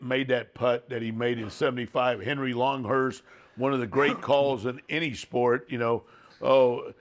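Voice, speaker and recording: A man hosting a podcast, telling an anecdote with enthusiasm in a casual way. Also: mid-range voice. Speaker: podcast host. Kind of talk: casual storytelling.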